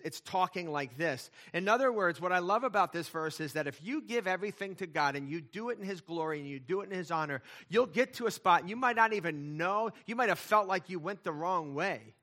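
A man's voice: sits high, sharp tone. A middle-aged male pastor preaching a sermon, emphatic, with intensity that swells and drops back.

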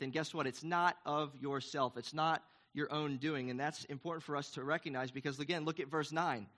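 A man's voice: a little high, fairly even intonation, brisk, hardly any pauses, a bit bright. A man preaching a sermon in an earnest, emphatic, conversational way, asking the congregation questions. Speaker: pastor.

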